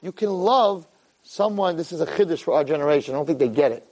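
A rabbi in his fifties gives an animated lecture on Jewish ethics, swinging from low asides to high, shouted quotes. He repeats phrases for emphasis, drops in Hebrew and Yiddish terms, and talks at a quick pace, though the audio quality is poor.

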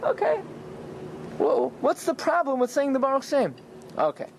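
Guy teaching torah, super animated, keeps asking questions, a bit of hiss behind. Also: very high voice, normal speed, gravelly. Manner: lively storytelling with rhetorical questions.

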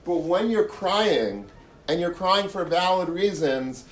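A man's voice: sits high, lively intonation, unhurried. Man giving an earnest Torah talk. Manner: earnest, repeats and restarts phrases. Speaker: Torah lecturer. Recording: echoey room, mic far off, faint noise.

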